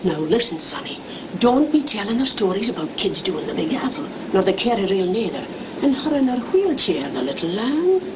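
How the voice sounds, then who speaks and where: A brisk, scolding old Irish grandmother, played by a woman with an Irish accent, her voice lively and rising and falling. A clear hiss runs under a muffled 1930s film soundtrack. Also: mid-range voice, close to an everyday voice. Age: older. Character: stern but loving old Irish grandmother.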